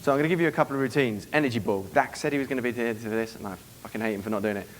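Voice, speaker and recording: A man giving a seminar to a live room, brisk and profane, acting out club scenes as he goes. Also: medium pitch, slight background noise. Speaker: dating coach giving a seminar. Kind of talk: live seminar talk to an audience.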